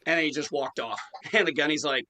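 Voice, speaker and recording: A man's voice: fairly high pitch, fast talker, noisy background. A man in his forties telling a profane story in casual chat, acting out the quotes. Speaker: podcast host.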